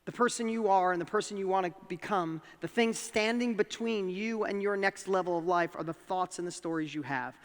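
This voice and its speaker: A man with a New York accent giving a motivational talk, telling a personal story with animated, emphatic rises in his voice. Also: sits high, a little fast, few pauses, long reverb tail. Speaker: speaker.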